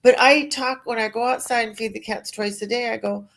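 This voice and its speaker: A woman calling in to a talk show. Her speech flows slowly and dreamily, and her voice sits fairly high. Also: fairly even intonation, creaky, poor audio. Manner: slow, flowing, dreamy speech. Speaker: caller. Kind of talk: call-in conversation.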